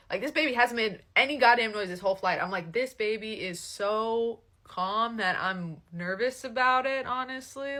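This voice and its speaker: A young woman tells a story in a casual chat, her voice bright and forceful. She swears freely and acts out the people she quotes, swinging between hushed asides and loud outbursts. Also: medium pitch.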